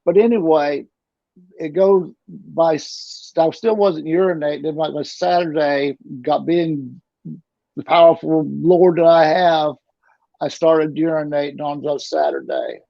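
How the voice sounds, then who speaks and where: Gravelly middle-aged man telling his story. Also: a little high, animated, a little slow, mellow, no room sound. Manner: rambling, with frequent restarts and repeats. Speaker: interview guest. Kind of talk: casual storytelling. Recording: dull, lo-fi dry recording.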